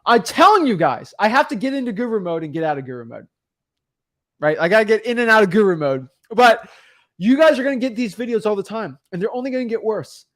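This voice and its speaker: A man hosting a podcast in casual chat, energetic and emphatic, rambling with frequent restarts. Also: sits high, fast talker, dry recording, clean studio sound. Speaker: podcast host.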